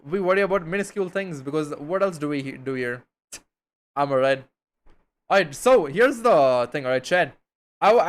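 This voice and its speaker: A young man from India, chatting casually with his stream viewers in a slangy, rambling way, swearing now and then. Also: a little high.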